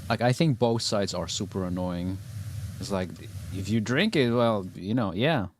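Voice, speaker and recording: Low-voiced laid-back male streamer. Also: moderate pace. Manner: laid-back, rambling, swears, laughs often. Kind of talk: casual chat while gaming.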